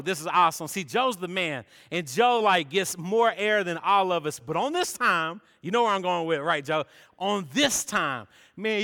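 A young man preaching a sermon, chatty and energetic, tossing in "man" and "all right?" as he tells stories. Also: high-pitched. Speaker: pastor. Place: church sanctuary. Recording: long reverb of a church hall.

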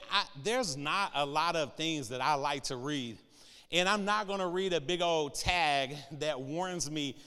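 A man in his forties delivers a humorous sermon with a high, bright voice. His tone is smooth and clear as he tells animated, joking stories and keeps checking in with "all right?" The sound carries a long reverb from a large hall.

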